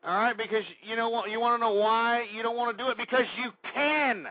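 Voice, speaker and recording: A man with a high, husky voice rants and shouts insults as a radio host, breathless and heated. The sound is dull and lo-fi, and the voice sits close and dry. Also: fairly even intonation, a little fast, dry recording. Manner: angry ranting, shouting insults. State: out of breath, sweating. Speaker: radio talk show host. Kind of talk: ranting political commentary.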